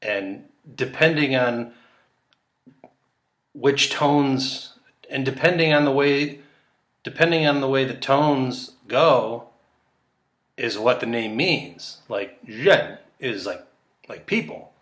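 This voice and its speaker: A young man talks through a casual solo commentary, rambling and laughing at his own jokes. He sounds tired, as if it's late at night. His voice is bright and carries a lot of room echo. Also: medium pitch, takes it slowly, pauses often. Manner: rambling, joking, laughs often. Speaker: chess commentator.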